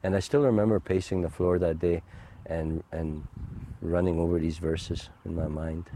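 A middle-aged man giving a personal faith testimony, halting and heartfelt, with many fillers and restarts. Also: low voice, steady tone, warm tone, a little hiss or hum. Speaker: guest sharing a testimony.

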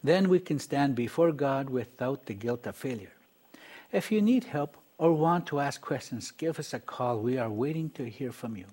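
A man hosting and narrating in a measured, reflective scripted style, inviting listeners to call. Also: mid-range voice, animated, a little mellow. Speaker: program host and narrator.

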